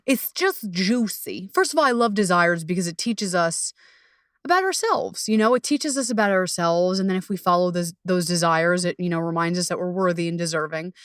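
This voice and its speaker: A young adult woman coach hosts her own podcast in a loose, animated solo talk. She swears freely, laughs often and leaps into high, excited bursts. The sound is dry and close to the mic, with no room behind her. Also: brisk, clean tone, no echo.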